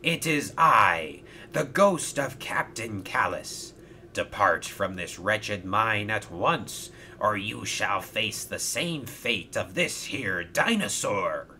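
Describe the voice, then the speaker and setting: A growling pirate-talking sailor, acted out by a man for a toy-train storybook video. He speaks slowly with a lively, swinging pitch and a bright edge. Stern and sly throughout. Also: slight background noise, exaggerated voice. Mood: spooky.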